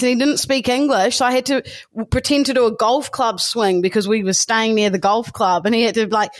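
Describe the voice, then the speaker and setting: A woman's voice: on the high side, fairly even intonation, fairly quick, few pauses. A woman co-hosting a podcast in casual chat, cheeky and teasing. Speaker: podcast co-host.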